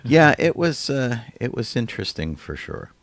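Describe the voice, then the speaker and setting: A man's voice: mid-range voice, sing-song, normal speed, no room sound. A man co-hosting a podcast, chatting casually and often trailing off mid-sentence. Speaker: podcast co-host. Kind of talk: casual chat.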